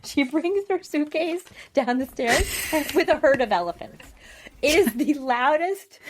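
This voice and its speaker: A woman's voice: high voice, expressive, unhurried. A woman co-hosting a podcast, recapping a TV episode in casual chat and acting out scenes with little voices and sounds. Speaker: podcast co-host.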